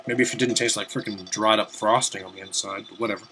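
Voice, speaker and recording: Bright-voiced young man rambling over gameplay. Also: fairly low pitch, steady tone, fast, slight background noise. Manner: rambling, swears casually, loud outbursts at the game. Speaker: let's play commentator. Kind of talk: casual gameplay commentary. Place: home room at his desk.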